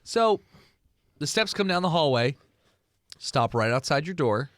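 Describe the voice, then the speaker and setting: Male game master, casual animated narration; dry, close recording. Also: on the high side, a little slow, dry recording.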